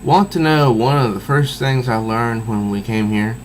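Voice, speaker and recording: A man's voice: medium pitch, fairly even intonation, normal speed, slight background noise, natural voice, poor audio. A man voicing a distraught young woman who pleads for help, read aloud from a comic. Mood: wistful.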